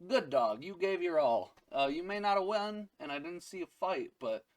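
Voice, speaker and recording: A man voicing a brash young male pirate who talks loud and earnest with casual slang. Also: high-pitched, expressive, moderate pace, voice pushed up. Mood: kindly.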